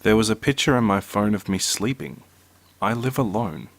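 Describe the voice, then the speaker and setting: A man reading out short horror stories in a slow, measured narration. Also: on the low side, lively intonation, very noisy. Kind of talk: reading scary two-sentence stories.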